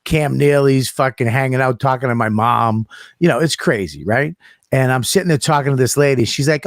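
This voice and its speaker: A man telling a road story in casual chat, profane and animated, acting out the people he quotes. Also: mid-range voice, a little fast, dry recording, studio quality. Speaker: comedian guest.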